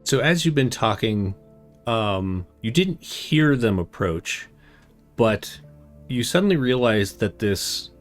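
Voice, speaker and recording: Low voiced guy as game master, super slow narration, light music under it. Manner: slow, relaxed, with many fillers.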